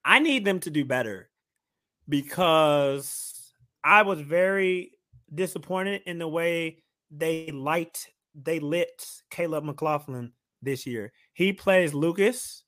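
A man co-hosting a podcast, talking in a chatty, teasing, animated way. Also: a little high, slow pace. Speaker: podcast co-host. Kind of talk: casual podcast chat.

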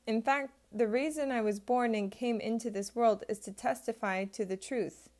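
A woman reading the lines of a calm male religious teacher who answers in a measured way. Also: fairly high pitch, lightly acted.

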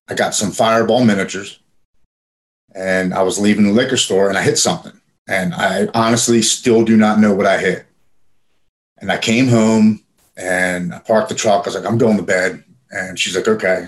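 A man casually telling a personal story in plain, profane speech with frequent fillers. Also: lowish voice. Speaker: guest telling his recovery story.

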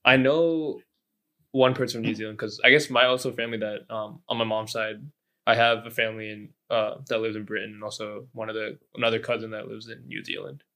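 Man, podcast co-host, casual chat, joking, gravelly. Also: lowish voice, level tone, brisk, pushed and bright. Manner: joking, laughs often.

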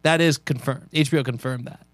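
A man co-hosting a podcast in casual chat, easygoing and quick to laugh. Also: medium pitch, fairly even intonation, no room sound. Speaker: podcast co-host.

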